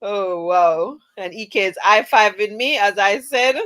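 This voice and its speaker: A woman's voice: mid-range voice, measured pace, fairly bright tone, no room sound, rough recording. A woman hosting a casual livestream, reading viewer comments aloud and teasing them, laughing often. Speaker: livestream host. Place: at home, camera off.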